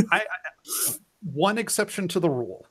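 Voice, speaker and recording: A man's voice: sits high, animated, moderate pace, a bit bright. A young man chatting as a guest on a casual stream, joking and laughing easily. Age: young adult. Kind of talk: casual chat.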